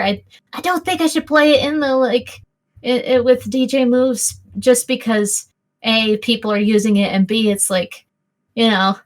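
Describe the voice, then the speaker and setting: A young woman narrating a tabletop game as game master, rambling with fillers and restarts. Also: a little high.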